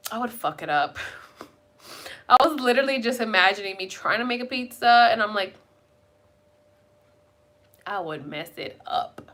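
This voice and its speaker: A woman's voice: mid-range voice, lively intonation, a little slow, pauses often, bright, forceful tone. A young woman live-streaming at home, chatting with viewers in a rambling, casual way and swearing now and then. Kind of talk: casual chat.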